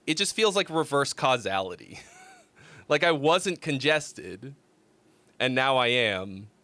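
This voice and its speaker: A man's voice: mid-range voice, animated, slow, pushed and bright, dry recording. A congested man with a sick-sounding voice, giving loose, profane critique of listener songs on a casual livestream. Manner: loose, profane, rambling with fillers.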